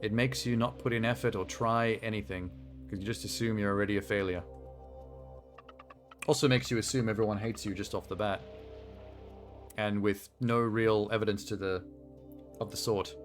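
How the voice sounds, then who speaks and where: A man's voice: on the low side, fairly even intonation, moderate pace, pauses often, soft background music. A man streaming a video game, chatting casually and rambling through asides with a self-deprecating humor. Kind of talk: casual live-stream commentary.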